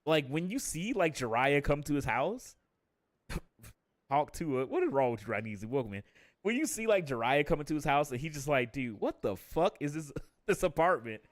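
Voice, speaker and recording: Profane animated male streamer. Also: a little high, normal speed, no room sound, studio quality. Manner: profane, animated, laughs often, mimics characters in quotes. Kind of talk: casual live-stream rant.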